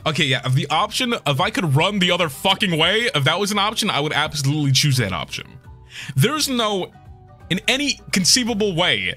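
A man streaming a game and commenting casually, excitable and profane, laughing often. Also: sits high. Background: game music.

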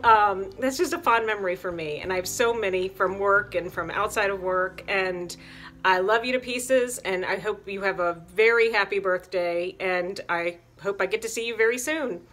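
A woman's voice: fairly high pitch, low-quality recording. A woman sends a fond, affectionate birthday message to an old friend. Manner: warm and affectionate. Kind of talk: casual recorded birthday greeting.

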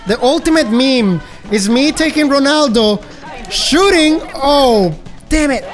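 A man narrates his own gameplay for a gaming channel with an animated, swooping voice that leaps into high yelps. Between the outbursts he talks at an unhurried pace. Faint music plays underneath. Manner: excitable, bursts into high yelps and laughter. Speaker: gaming YouTuber. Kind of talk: live gameplay commentary.

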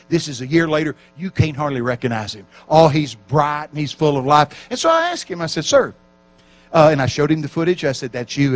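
A man preaching at a church camp meeting, telling stories with lively acted-out voices and shouting for emphasis. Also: on the high side. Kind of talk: storytelling sermon.

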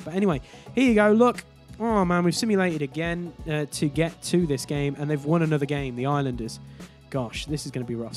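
A man with a somewhat high voice talks through his hockey game in a casual let's-play style. He keeps exclaiming in exasperation at the plays, and faint music runs underneath. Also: a little mellow. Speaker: gaming YouTuber.

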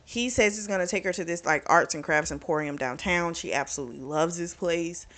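A woman's voice: fairly low pitch, a little fast, fairly bright tone. A woman casually recapping a novel's plot for her book channel, talking loosely with plenty of fillers. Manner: chatty, retells scenes with lots of fillers. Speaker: book reviewer.

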